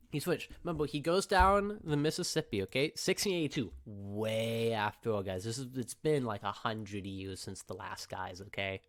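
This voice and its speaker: A man's voice: medium pitch, a bit bright. A young man, a teacher giving a recorded review lecture, laid-back and repetitive, often checking in with "okay?". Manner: casual, repeats points and checks in with "okay?".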